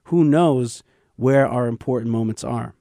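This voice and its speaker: A man's voice: medium pitch, measured pace, gravelly, mellow, dry recording, clean studio sound. A man hosting a radio show, teaching scripture in an emphatic, explanatory way with frequent stammered restarts.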